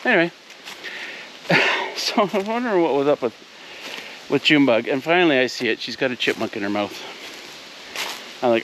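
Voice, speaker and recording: A man's voice: medium pitch, sing-song, moderate pace, pauses often, noisy background. A middle-aged man chatting casually to camera for his off-grid cabin vlog, telling stories and laughing often.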